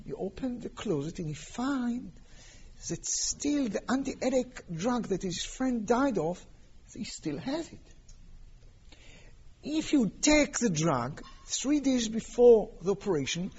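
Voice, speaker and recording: A man telling a long story in a sermon, animated and acting out the characters' quotes. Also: high-pitched, slight background noise. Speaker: rabbi lecturer. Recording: lo-fi dull recording.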